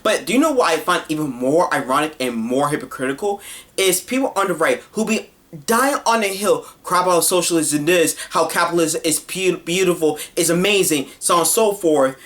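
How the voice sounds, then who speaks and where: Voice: mid-range voice, lively intonation, a little fast, fairly bright tone. An online commentator delivering a heated opinion rant, blunt and scolding, full of casual slang and exasperation.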